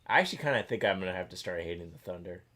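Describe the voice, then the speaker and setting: A man co-hosting a casual live stream, animated and joking. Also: sits low, very fast. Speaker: podcast co-host.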